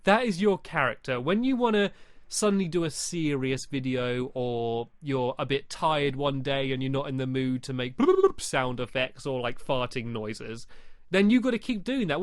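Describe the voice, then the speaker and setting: A man's voice: on the high side, no room sound, studio quality. A man hosting a podcast, giving casual advice in a chatty, rambling way full of fillers. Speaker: podcast host.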